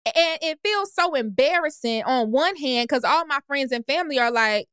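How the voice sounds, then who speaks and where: A woman's voice: high voice, lively intonation, normal speed, fairly bright tone, no room sound, clean studio sound. A young woman from the United States co-hosting a podcast, reading a listener letter aloud and breaking off to swear in exasperation. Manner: brash, swears freely, exasperated. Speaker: podcast co-host.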